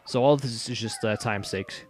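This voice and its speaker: A man's voice: on the low side, normal speed, slight background noise. A man with a slight Southern US accent giving casual, rambling commentary over a game playthrough. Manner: rambling, many fillers and restarts. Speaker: let's player.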